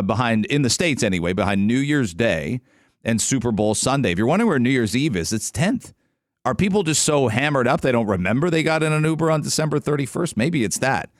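A Canadian man hosting morning radio, talking casually and musing aloud at a middling pitch. His voice is close and dry, with no room sound around it. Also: no room sound. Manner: chatty, joking, musing aloud. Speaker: radio morning show host. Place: radio studio. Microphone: studio microphone.

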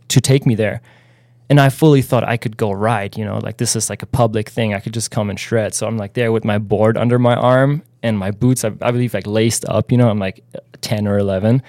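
A man's voice: mid-range voice, darkish tone, dry recording, clean studio sound. A man from Germany telling stories as a guest on a podcast, laid-back and full of "like" and "um". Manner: laid-back, fills speech with "like" and "um". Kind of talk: casual interview chat.

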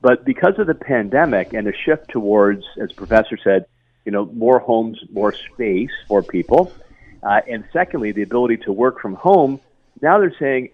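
A man's voice: on the low side, moderate pace, no echo. A man, an industry association chief, speaking emphatically as a guest in a radio interview. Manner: animated, emphatic, repeats words. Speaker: real estate association CEO, guest. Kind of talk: phone-in interview. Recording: tinny phone line, dry.

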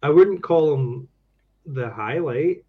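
A man's voice: fairly high pitch, animated, takes it slowly, narrow, tinny audio. A man co-hosting a podcast, chatting loosely and filling his talk with "you know" and "like". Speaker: podcast co-host. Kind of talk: casual chat.

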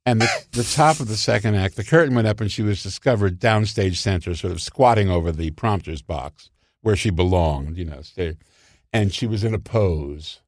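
A man's voice: fairly low pitch, normal speed, no room sound, clean studio sound. An older man, a comedy writer, telling anecdotes animatedly and often laughing. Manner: animated, acts out voices and laughs a lot. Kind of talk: anecdotal storytelling.

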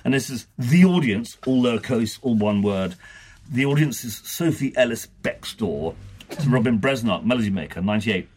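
Husky man reading quotes on a podcast. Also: mid-range voice, expressive, normal speed, darkish tone. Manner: dry, wry, reads quotes aloud in his own voice. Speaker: podcast co-host reading from archive interviews. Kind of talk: casual podcast chat.

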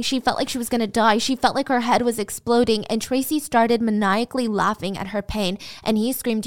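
A woman's voice: a little high, fairly even intonation, normal speed, hardly any pauses. A woman retelling a true crime story in a casual, conversational way with personal asides.

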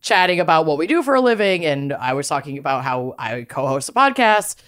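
A woman co-hosting a podcast, telling stories in animated casual chat and swearing casually. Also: low voice, fairly quick. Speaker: podcast co-host.

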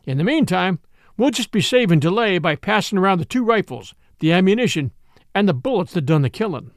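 A man's voice: high-pitched, very animated, a little fast, no room sound, clean studio sound. A man voicing an angry, domineering miners' judge from the frontier, talking in a folksy, bossy way. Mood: indignant. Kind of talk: audiobook character voice.

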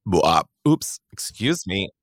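A man's voice: deep voice, very animated, takes it slowly, dry recording. A young man hosting a podcast in a studio, chatting casually in a rambling, crude, self-mocking way. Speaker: podcast host. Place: recording studio.

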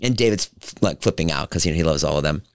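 A man hosting a podcast, telling stories in casual chat and acting out quotes in high voices. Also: very fast, gravelly, no echo, clean studio sound. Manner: animated storyteller, acts out quotes in high voices. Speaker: podcast host.

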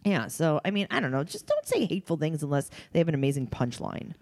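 A low-pitched woman talks in a lively, swinging way, co-hosting a casual podcast. Her talk is blunt and crude, full of teasing. She has hiccups, and her voice is recorded dry in a home studio. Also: quick pace, dry recording. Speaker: podcast co-host. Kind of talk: casual chat.

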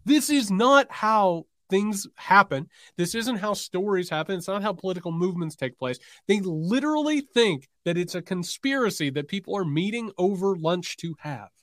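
Sarcastic male political podcast co-host, fairly high, animated delivery. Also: normal speed, few pauses, no echo, clean studio sound. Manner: sarcastic, reads quotes aloud with mocking emphasis.

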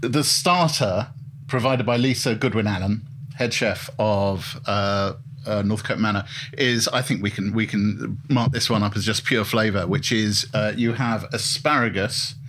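A man hosting a relaxed interview over lunch, jovial and teasing, with quick asides. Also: on the low side. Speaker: podcast host, interviewer. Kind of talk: casual interview chat.

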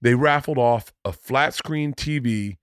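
A middle-aged man hosting a podcast, telling stories in a profane, animated way. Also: medium pitch, unhurried, clear, resonant tone, dry recording, studio quality. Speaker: podcast host. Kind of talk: casual podcast conversation.

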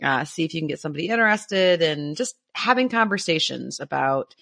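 Bright-voiced, enthusiastic woman podcaster. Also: low-pitched, animated, a little fast, creaky. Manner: chatty and enthusiastic, laughs often. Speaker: podcast co-host. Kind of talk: casual podcast chat.

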